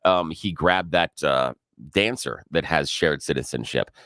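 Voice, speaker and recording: A man co-hosting a talk radio show, chatty and quick with agreeing interjections. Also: very deep voice, bright, forceful tone, dry recording, studio quality. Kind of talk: casual talk radio banter. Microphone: studio microphone.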